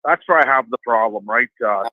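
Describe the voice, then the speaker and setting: Middle-aged male caller, profane rambler, lively quotes, phone-line sound, dry. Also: mid-range voice, fairly quick, no room sound. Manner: rambling, profane, animated quoting of others. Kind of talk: casual phone-in storytelling.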